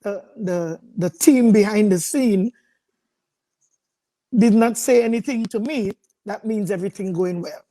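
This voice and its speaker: Mellow-voiced woman hosting a chat. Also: mid-range voice, a little slow. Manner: chatty, teasing, talks over her guest. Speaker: talk show host. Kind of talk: casual live talk show chat.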